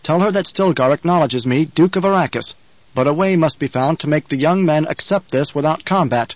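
A man's voice: fairly high pitch, a little fast, dry recording, lightly acted. A man voicing a cold, commanding young duke who speaks in clipped, firm tones, on a dull lo-fi recording.

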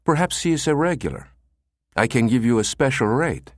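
A man's voice: medium pitch, sing-song, normal speed, no room sound, studio quality, pitched above the performer's own voice, close to an everyday voice. A man voicing a gushing, pushy Spanish salesman who runs an escort service, in an audiobook. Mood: wheedling.

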